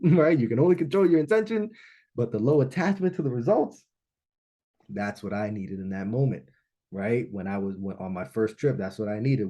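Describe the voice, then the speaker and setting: Warm-voiced man telling a personal story. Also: medium pitch. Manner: animated, keeps checking in with "right?". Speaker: speaker at a business launch event. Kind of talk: personal storytelling talk to a live audience.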